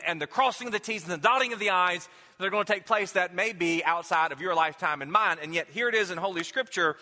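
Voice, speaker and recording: Male pastor, sermon delivery, conversational and questioning, piercing bright tone. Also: sits high, big-room sound. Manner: conversational, self-questioning preaching with repeated rhetorical questions. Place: church sanctuary.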